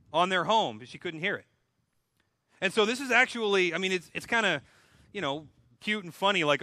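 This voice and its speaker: Casting: a male pastor with a high, bright voice, casual humorous sermon delivery. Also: no echo. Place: church.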